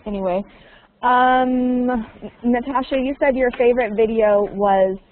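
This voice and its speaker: A woman's voice: fairly high pitch, a little slow. Woman teaching over a tinny video call. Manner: patient, repeats questions, slips in Russian words to explain. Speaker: English teacher. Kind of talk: online conversation lesson. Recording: tinny, narrow call audio with faint noise.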